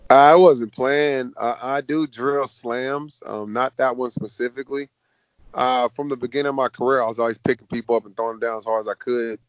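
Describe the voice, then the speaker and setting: Lively storytelling fighter, a man. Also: mid-range voice, fairly quick, no room sound. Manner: lively storyteller, acts out quoted voices. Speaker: MMA fighter guest. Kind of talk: casual storytelling interview. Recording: dull dry podcast audio.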